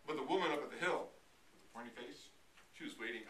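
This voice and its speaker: A man telling a folktale aloud in a lively, dramatic way, swinging between loud and hushed. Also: mid-range voice, very fast. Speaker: storyteller. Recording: distant, echoey live recording with noise.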